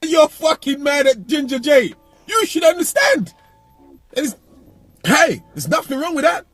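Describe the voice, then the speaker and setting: A man's voice: very high-pitched, very animated, a little slow, fairly bright tone, no echo, faint music behind. A man speaking bluntly and brashly in a heated casual discussion, swearing and often raising his voice. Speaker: panelist.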